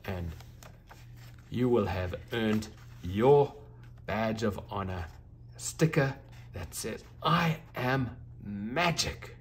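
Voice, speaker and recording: A man reading a children's storybook aloud, gentle and expressive. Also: on the low side, slow, long pauses, slight background noise.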